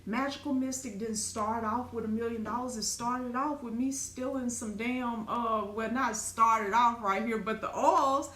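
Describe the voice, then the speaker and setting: Middle-aged woman telling a wild spiritual story, swears a lot, kinda high voice, echoey room with some faint hiss. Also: unhurried, few pauses. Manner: animated, profane, dramatic retelling with colloquial speech. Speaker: spiritual teacher and business owner. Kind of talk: raw personal storytelling talk.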